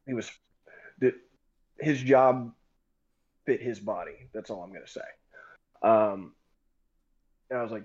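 A man's voice: fairly low pitch, measured pace, long pauses, breathy edge, dull audio. A young man casually telling a rambling, profane story on a group voice call. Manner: profane, rambling, animated retelling.

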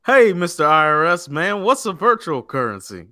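A man's voice: on the high side, sing-song, moderate pace, bright, forceful tone, dry recording, voice pushed up. A man putting on an Alabama accent, playing a baffled small-town Southern man. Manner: folksy, puzzled questioning.

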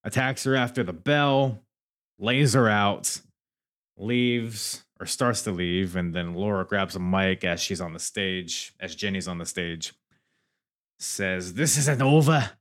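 A man's voice: low-pitched, steady tone, measured pace, a bit bright. A man hosting a podcast, giving a casual, joking and sometimes profane recap of a show with many restarts. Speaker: wrestling podcast host.

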